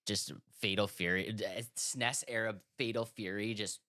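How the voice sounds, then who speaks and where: A man's voice: on the low side, steady tone, moderate pace, bright, forceful tone, no echo, clean studio sound. A man co-hosting a podcast in casual chat, playful and teasing as he announces his picks. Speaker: podcast co-host.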